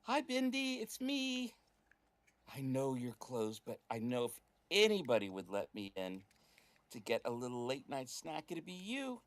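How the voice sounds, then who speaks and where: A man's voice: big pitch swings, a little slow, no room sound. A man doing Lady Colette, a coquettish noblewoman. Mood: coaxing. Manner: sweet, wheedling falsetto.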